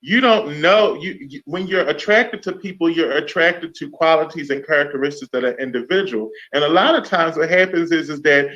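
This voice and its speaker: A man's voice: a little high, fairly quick, few pauses. A man hosting a radio talk show, telling a story casually and acting out the voices of the people in it. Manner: animated storyteller who acts out voices. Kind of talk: casual chat. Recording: dull lo-fi sound.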